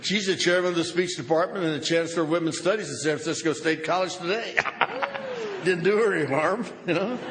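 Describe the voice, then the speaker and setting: An older man speaking at a recovery conference, telling a wry story that swings from loud outbursts to hushed asides. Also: high voice, sing-song, a little fast. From Southern California. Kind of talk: recovery meeting talk with humor. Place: large conference hall. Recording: reverberant hall, noisy live recording.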